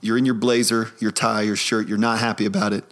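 A man's voice: lowish voice, little pitch movement, brisk, a bit bright. A man in his forties co-hosting a podcast, telling rambling, easygoing stories full of fillers. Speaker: podcast co-host. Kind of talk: casual chat.

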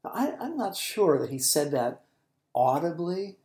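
A man hosting a Bible teaching podcast, explaining scripture in an unhurried, thoughtful way and dropping to a whisper for quoted lines. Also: a little high, big pitch swings, a little mellow, echoey room.

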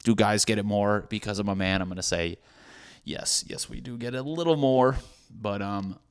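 Thirties male podcast host, slightly low voice, casual and profane, self-deprecating rambler. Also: moderate pace, smooth. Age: 30s.

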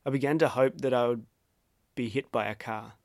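An Australian man reads his own reflective personal essay in a measured, wry way with a dry, self-deprecating edge. His voice sits in an ordinary middle pitch for a man. The recording is close and dry, with no room sound. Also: fairly even intonation, no echo.

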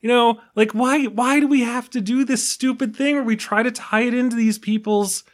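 A man's voice: extremely high pitch, steady tone, normal speed. A tired man hosting a casual film podcast, rambling with many fillers and restarts. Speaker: podcast host.

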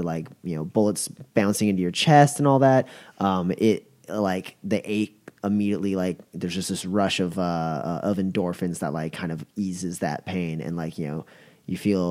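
A man's voice: deep voice, a little mellow. A young man narrating a tabletop game as game master, rambling with lots of fillers. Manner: rambling with many fillers, chuckling.

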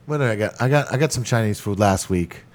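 A man who runs a bar swears his way through a loose, rowdy chat with friends. He rants loudly and jokes constantly. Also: fairly low pitch, expressive, fast. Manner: profane, loud joking rants. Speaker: bar owner. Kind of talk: casual chat.

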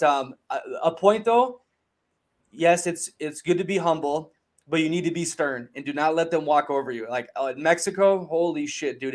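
A man in casual chat, telling a travel story in a rambling, profane way with lots of fillers. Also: a little high.

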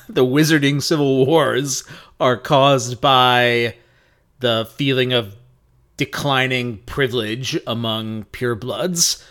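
A podcast co-host in casual chat, making wry, deadpan jokes with some swearing. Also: medium pitch.

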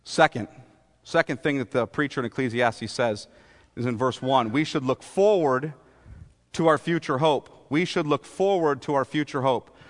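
A man's voice: medium pitch, moderate pace, in a large hall. A man preaching a sermon as pastor, talking in a conversational way and often asking the congregation rhetorical questions.

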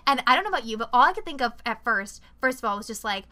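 A young adult woman co-hosting a podcast, telling stories in an animated, profane, filler-heavy casual chat. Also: fairly high pitch, very fast. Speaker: podcast co-host.

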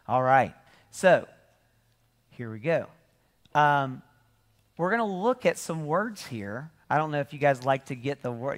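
Middle-aged guy giving a sermon, jokey storyteller, slightly high voice, echoey church hall. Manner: lively, jokey storytelling with acted asides. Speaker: preacher. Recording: reverberant hall.

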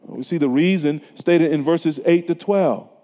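A middle-aged male pastor preaches a sermon in a conversational way, weaving in personal stories. His voice is fairly high and dark-toned, at a moderate pace. The recording sounds dull and lo-fi, with long hall reverb.

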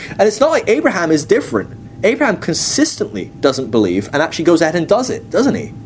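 Animated joking man teaching a sermon. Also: medium pitch, slight background noise. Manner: animated, joking, acts out quoted voices. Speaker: teacher at a ministry school.

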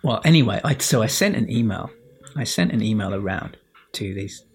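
A man's voice: lowish voice, expressive, normal speed, husky. A man hosting a podcast alone into his laptop at home, rambling and self-mocking with frequent restarts. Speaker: podcast host. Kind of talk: solo casual monologue to listeners.

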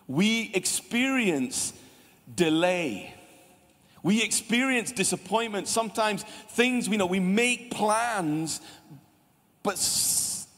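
A Scottish man with a lively, chatty manner, preaching a sermon as pastor and talking directly to his congregation. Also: high-pitched. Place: church hall. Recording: church hall reverb.

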